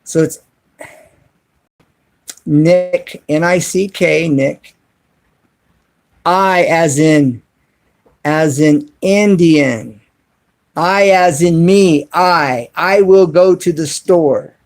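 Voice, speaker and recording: Slow, gravelly man chatting to viewers. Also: on the high side, darkish tone. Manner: slow, deliberate, spells words out letter by letter. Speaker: YouTube channel host live streaming. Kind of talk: casual live-stream chat with viewers. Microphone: cell phone.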